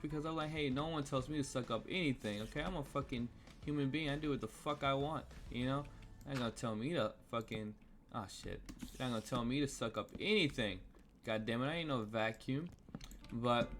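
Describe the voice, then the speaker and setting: Over faint cello music, a young man from the United States delivers a casual but heated storytime rant while playing a game, rambling and swearing constantly. He has a medium-pitched, fairly bright voice.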